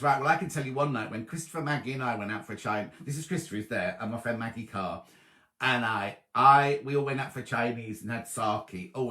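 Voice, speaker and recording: A middle-aged man hosting a casual live stream, reading out viewers' messages and greeting them by name. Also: medium pitch. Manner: chatty, reads viewer messages aloud, warm greetings. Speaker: host of a live sewing chat stream. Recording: roomy echoey live stream.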